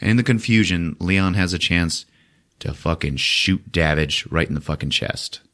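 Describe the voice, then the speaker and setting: A man hosting a podcast, retelling a film in a casual, profane, animated way. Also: sits low, normal speed. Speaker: host. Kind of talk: casual chat.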